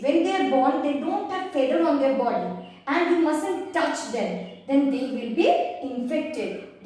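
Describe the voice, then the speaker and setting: A woman's voice: high-pitched, darkish tone. A woman teacher patiently explaining a poem to children, repeating lines and addressing the class. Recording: very echoey room, voice from far off.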